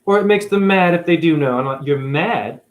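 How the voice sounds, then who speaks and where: A man from New England giving a profane, sarcastic monologue to camera, swinging between loud outbursts and near-whispers. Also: high-pitched, fast. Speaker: spiritual video host.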